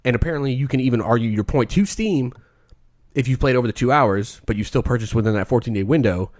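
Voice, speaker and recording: A man's voice: mid-range voice, quick pace, darkish tone. A man hosting a casual podcast panel chat, rambling and swearing freely. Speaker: podcast host.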